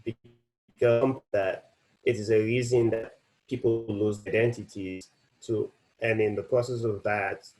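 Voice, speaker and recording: A man moderates a panel discussion on a video call and poses a question. He speaks haltingly and hesitantly, with many fillers. His voice is low and mellow. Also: fairly even intonation, rough recording.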